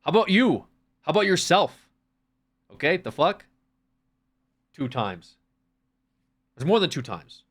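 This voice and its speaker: A man's voice: mid-range voice, fairly bright tone. A man streaming, chatting casually, swearing often and acting out little scenes. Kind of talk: casual chat.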